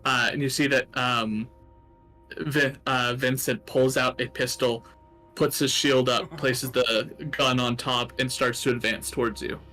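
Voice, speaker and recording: A man running a tabletop game as game master. He describes the scene in a loose, rambling way and fills his pauses with many ums and uhs. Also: medium pitch, fairly even intonation, bright, forceful tone, faint music behind. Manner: rambling narration with many fillers.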